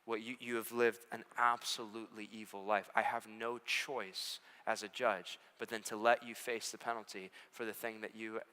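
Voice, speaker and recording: A pastor voicing a solemn judge. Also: male voice, a little high, normal speed, fairly bright tone, pitched above the performer's own voice. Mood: grave. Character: solemn male judge passing sentence. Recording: echoey church hall.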